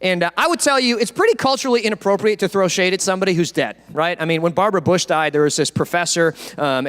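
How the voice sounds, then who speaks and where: A man's voice: on the high side, a bit bright. A man preaching a casual, joking sermon as pastor. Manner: casual, joking, acts out quotes. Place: church sanctuary. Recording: long church reverb.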